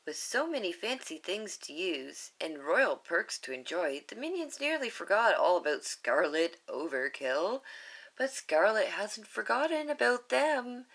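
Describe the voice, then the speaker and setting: A woman's voice: mid-range voice, sing-song, measured pace, a bit bright. A woman reading a picture book aloud to viewers, with chatty, giggly asides. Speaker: storybook reader.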